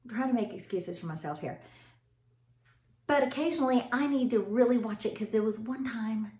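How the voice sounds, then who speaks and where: Animated mom, echoey room. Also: female voice, on the high side, moderate pace. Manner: animated, laughing storyteller who addresses viewers as y'all. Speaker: mother vlogging about parenting. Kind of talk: casual chatty monologue to camera.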